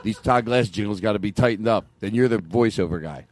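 A man's voice: lowish voice, a little fast, darkish tone, no echo. A man hosting a comedy podcast, rambling through setups and laughing often. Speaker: podcast host.

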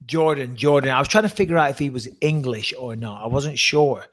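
A man co-hosting a podcast, giving fight picks in animated, teasing casual chat with emphatic repetition. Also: mid-range voice, fairly quick. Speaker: podcast co-host and fight pundit.

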